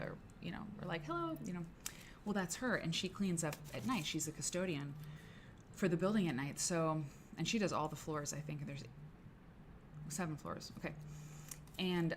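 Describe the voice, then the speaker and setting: A woman's voice: deep voice, slight background noise. A woman hosting a casual co-working live stream from her office, rambling and chatting with viewers by name. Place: her office, late at work.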